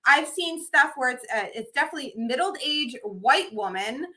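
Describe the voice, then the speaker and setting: A high-pitched woman in her middle years, chatting on a podcast with a bright, forceful tone. She tells stories in an animated way and swings her pitch a lot when she quotes people. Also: normal speed. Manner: animated, acts out quotes with big pitch jumps. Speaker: podcast co-host. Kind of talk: casual storytelling chat.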